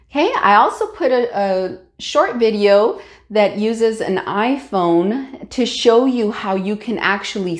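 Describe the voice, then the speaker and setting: A woman teacher giving a recorded lesson to young students, explaining patiently with fillers and frequent check-ins. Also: medium pitch.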